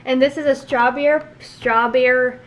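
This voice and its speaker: A young mother vlogs from her home kitchen, chatting and teasing into a handheld camera in a high, steady, slightly bright voice at a moderate pace. Faint background noise sits under the recording.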